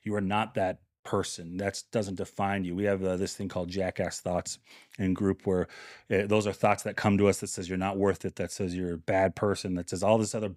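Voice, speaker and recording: A man who founded a support project, speaking earnestly and in a measured way with pauses. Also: deep voice, little pitch movement, darkish tone, no echo, clean studio sound. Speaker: project founder and group leader. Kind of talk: earnest conversation.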